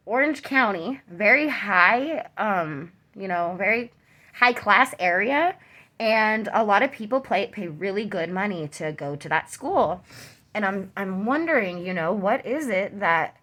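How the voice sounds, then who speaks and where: A young woman, a mother, telling a personal story to camera in a halting way, full of ums and you-knows. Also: medium pitch, lively intonation. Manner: soft and subdued, rising when tense.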